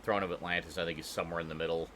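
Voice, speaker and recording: A man's voice: low-pitched, little pitch movement, very fast, a crowd in the background. A man co-hosting a podcast in casual chat, enthusiastic and laughing often. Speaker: podcast co-host.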